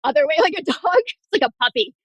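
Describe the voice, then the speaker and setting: A woman's voice: high voice, expressive, racing, a bit bright, no echo, low-quality recording. A woman nurse practitioner speaking as a podcast guest, candid and storytelling, laughing often in casual chat.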